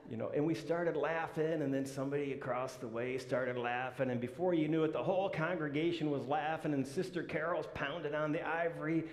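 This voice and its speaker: A male minister giving a sermon in a church, telling stories in a humorous, folksy way. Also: fairly high pitch. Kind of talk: sermon with storytelling. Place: church sanctuary. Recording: echoey church hall reverb.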